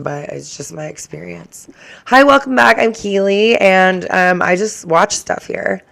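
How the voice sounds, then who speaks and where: A woman's voice: on the low side, fairly even intonation, moderate pace, creaky. A woman hosting her own reaction channel, chatting casually to the camera in a rambling way that keeps drifting into tangents.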